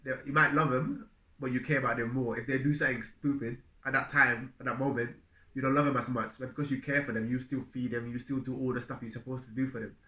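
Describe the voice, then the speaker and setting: A man's voice: medium pitch, steady tone, quick pace, bright, forceful tone. A man in casual chat, sharing earnest, reflective advice about marriage and laughing easily along the way. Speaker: husband co-hosting a marriage video. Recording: echoey room.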